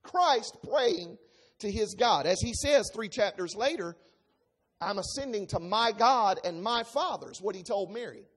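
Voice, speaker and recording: With an animated, mid-range voice carrying a breathy edge, a preacher reads scripture and works through it line by line, stressing key points. It's an expository Bible-teaching sermon delivered a little slowly.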